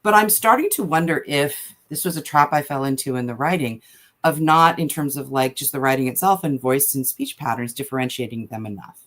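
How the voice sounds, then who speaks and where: Appearing as a podcast guest, a woman writer talks quickly and thinks out loud in casual conversation, using lots of fillers. Her voice is very deep.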